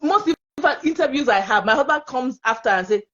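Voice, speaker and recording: A woman with a Nigerian English accent, talking in a casual panel conversation as an expressive, laughing storyteller. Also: sits high, a little fast, dull audio. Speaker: panel guest.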